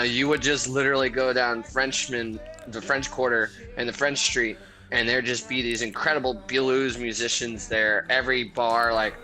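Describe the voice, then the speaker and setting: A man with an American accent, a musician telling stories in a relaxed, chatty way and laughing often. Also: medium pitch, poor audio. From South Florida, USA. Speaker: guest musician. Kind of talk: casual interview chat over beers.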